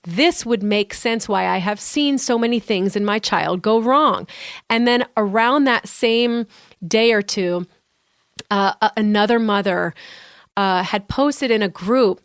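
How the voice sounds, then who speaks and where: A woman tells a personal story on a podcast, earnest and heartfelt. She leans on repeated phrases for emphasis. Her mid-pitched voice sits close and dry, with no room sound around it. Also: a bit bright, dry recording.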